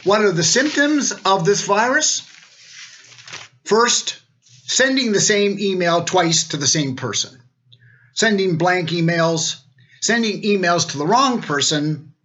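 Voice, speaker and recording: A man's voice: high voice, bright, forceful tone, highs cut off. An older man, a retired law dean, giving a wry, joking recorded greeting.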